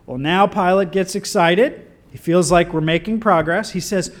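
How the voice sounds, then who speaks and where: A man preaching a sermon in an animated, conversational way with wry asides. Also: a little high, measured pace.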